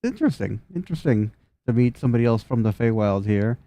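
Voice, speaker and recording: A man's voice: mid-range voice, animated, quick pace, dark tone, natural voice. A man voicing an anxious fey woman villager who stammers and gushes. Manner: breathless, stammering, gushing.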